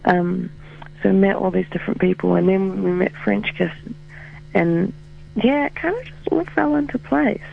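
High gravelly man on a tinny phone line. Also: normal speed. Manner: chatty, filler-heavy, laughs easily. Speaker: band musician guest. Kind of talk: casual interview chat.

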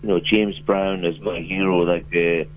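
A man's voice: low-pitched, level tone, normal speed, narrow, tinny audio. A man with a New Zealand accent, a musician and actor, chatting loosely by phone with lots of fillers and restarts. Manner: laid-back, rambling, many fillers and restarts. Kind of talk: casual phone interview. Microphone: phone line.

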